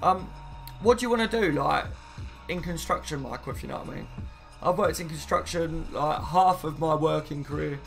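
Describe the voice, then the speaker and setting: A man, his voice sitting a little high and carrying a gravelly edge. He chats loosely on a live stream, reading out viewers' comments and answering them, with faint music playing in the background. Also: moderate pace, fairly bright tone. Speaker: fan channel host. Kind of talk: casual live-stream chat.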